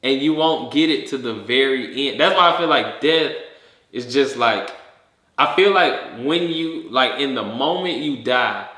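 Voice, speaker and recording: Bright, rambling podcast man. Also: mid-range voice, unhurried. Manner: rambling, animated storytelling, acts out voices. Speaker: podcast co-host. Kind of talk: casual chat. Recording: echoey room.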